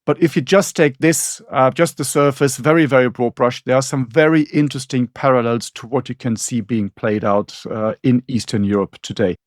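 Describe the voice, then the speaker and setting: A man's voice: mid-range voice, steady tone, normal speed, few pauses, dry recording, clean studio sound. A man co-hosting a history podcast, talking in a conversational way, thinking aloud with asides. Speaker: podcast co-host.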